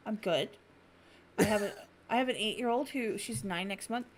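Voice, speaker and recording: A woman's voice: mid-range voice, normal speed. A woman in her thirties, hosting a podcast, telling stories in casual chat and swearing freely. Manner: animated storyteller, swears freely. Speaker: podcast host.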